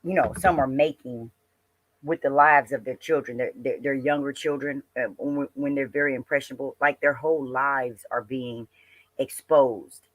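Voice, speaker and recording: A host giving livestream commentary, speaking haltingly with many fillers and addressing viewers directly. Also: mid-range voice, fairly even intonation, fairly bright tone, low-quality recording.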